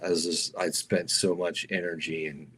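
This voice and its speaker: Deep-voiced stuntman telling wild stories. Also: normal speed, slight background noise. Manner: animated storyteller, acts out others in raised voices, slangy "dude". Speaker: stuntman guest. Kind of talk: casual storytelling interview.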